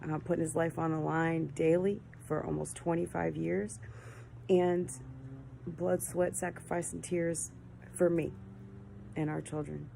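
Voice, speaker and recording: A woman calling in to a talk show, rambling and gushing with thanks and excitement. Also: low voice, measured pace, vocal fry, a little hiss or hum, poor audio. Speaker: caller.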